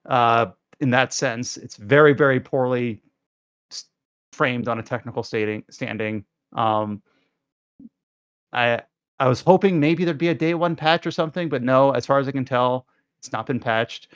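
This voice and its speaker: A man's voice: mid-range voice, lively intonation, moderate pace, clean tone, no room sound, studio quality. Chatty man giving a game review. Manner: rambling, lots of "like" fillers and restarts. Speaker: podcast co-host reviewing games. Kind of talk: casual review chat.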